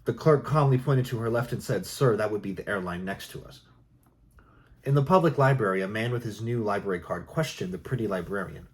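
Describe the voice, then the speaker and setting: A man reading jokes aloud in a soft, unhurried ASMR style. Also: fairly low pitch, animated. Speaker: joke reader.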